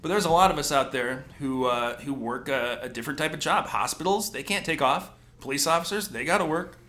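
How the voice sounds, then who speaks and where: A man's voice: fairly high pitch, brisk, bright, forceful tone, slight background noise. Jokey, riffing man co-host. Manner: jokey, riffs on bits. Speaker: podcast co-host. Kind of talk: casual comedic chat.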